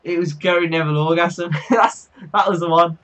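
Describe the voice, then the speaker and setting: A young man with a Birmingham accent talks through a football video game in a loose, chatty way. His voice is bright and forceful and sits a little high, and he breaks into loud shouts and laughter when a goal goes in. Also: brisk. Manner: excitable, shouts and laughs at goals. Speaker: gaming YouTuber. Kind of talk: casual game commentary.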